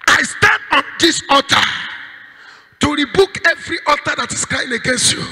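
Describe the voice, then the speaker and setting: A Nigerian pastor leading a fervent vigil, shouting prayer declarations and calling out for the congregation to answer back. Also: male voice, very high-pitched, moderate pace. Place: large church hall at a night vigil. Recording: reverberant church hall.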